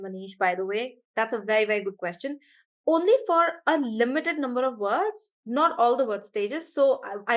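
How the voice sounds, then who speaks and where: In a live online class, a woman with a voice on the high side teaches English pronunciation, slowing down and stretching words to show where the stress lands. She answers her students by calling them by name.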